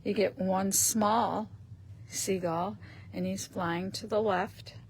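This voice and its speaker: A woman hosting a live stream, chatting casually as she shows paper craft pieces and often clears her throat. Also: medium pitch, fairly even intonation, slow pace, slight background noise.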